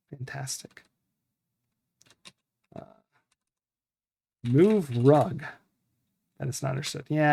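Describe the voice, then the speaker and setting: This young adult man's mid-range voice is creaky and slightly rough as he mutters dryly through a retro adventure game. Wry and deadpan, he talks to himself casually and reads the game's text aloud in a mock-dramatic tone.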